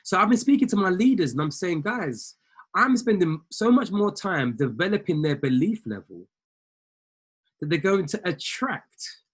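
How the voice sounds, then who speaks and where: High-pitched man giving a preacher-like pep talk. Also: very animated, moderate pace, fairly bright tone, breathy edge. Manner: preacher-like, repeats lines for emphasis; exhorting, talks straight to listeners. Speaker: trading coach. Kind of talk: motivational talk to an online group.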